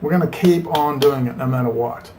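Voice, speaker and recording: A man's voice: mid-range voice, brisk, background noise. A man talking to his webcam in a fervent, rambling monologue that swings between urgent exhortation and weary asides. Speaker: political video blogger. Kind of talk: impassioned rambling monologue to camera. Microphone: laptop webcam.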